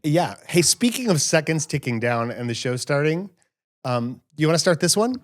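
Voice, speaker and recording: A man hosting a casual family podcast, telling stories in an animated, self-mocking way. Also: fairly high pitch, moderate pace, soft background music. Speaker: podcast host. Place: home podcast studio.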